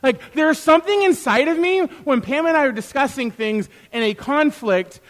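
High-voiced animated male preacher. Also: normal speed. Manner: animated, acts out quoted exchanges with rising loudness. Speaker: pastor; youth worker. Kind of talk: sermon. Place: church.

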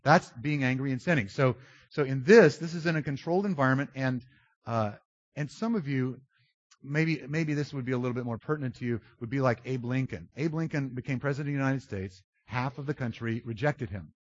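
Loud animated male preacher, dull dry sound. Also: a little fast, no room sound. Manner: animated, swings from loud outbursts to low confiding tones; self-described loud and obnoxious. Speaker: pastor. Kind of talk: sermon.

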